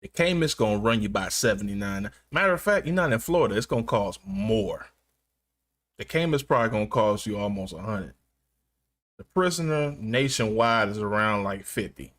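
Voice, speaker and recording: A man's voice: lowish voice, animated, moderate pace, fairly bright tone. A man live-streaming from his gaming chair at home, chatting casually with viewers, joking and laughing often.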